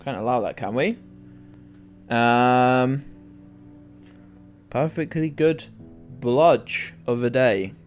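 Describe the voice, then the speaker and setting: A young British man from the United Kingdom rambles and jokes with viewers while live-streaming a game, swearing freely in casual chat. His voice is medium-pitched, with drawn-out words and frequent pauses. Faint music plays in the background.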